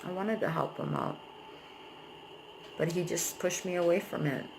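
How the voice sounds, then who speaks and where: A woman's voice: fairly low pitch, measured pace, vocal fry, background noise. A young adult woman vlogging, venting at length about a painful breakup in a rambling, emotional way and swearing freely. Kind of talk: personal venting vlog.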